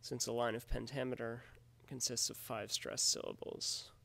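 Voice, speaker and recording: A man with a gravelly voice talks through a lesson in a measured, explanatory way. He sounds like he is reading from a prepared script for his class. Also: medium pitch, level tone, fairly bright tone. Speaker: teacher.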